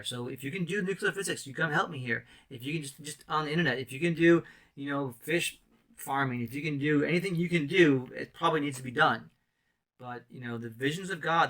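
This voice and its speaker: A man's voice: medium pitch, sharp tone. A man in ministry giving an impassioned, rambling testimony sermon full of restarts and emotional outbursts. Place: island mission.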